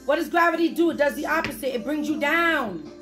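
A woman doing a spiritual reading as an emphatic, repetitive pep talk, sometimes bursting into shouts. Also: sits high, lively intonation, brisk. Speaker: spiritual reader channeling messages. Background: music playing.

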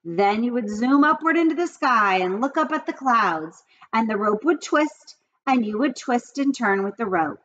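A woman reading a children's book aloud in an expressive storytelling manner. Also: a little high, normal speed, dull audio, a little hiss or hum. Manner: lively, expressive reading with character voices.

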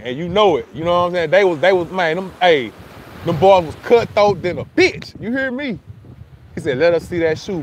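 High-voiced man chatting loosely on a livestream. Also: fairly bright tone, a little hiss or hum. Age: middle-aged. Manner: loose, profane, laughing often, talking back to chat comments. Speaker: livestream host. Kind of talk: casual livestream chat. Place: outdoors at a beach.

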